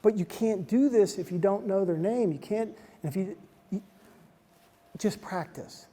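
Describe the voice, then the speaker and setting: Male motivational speaker, high mellow voice, lively storyteller, long hall reverb. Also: measured pace. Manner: animated, acts out dialogue, many "like" fillers. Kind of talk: energetic talk.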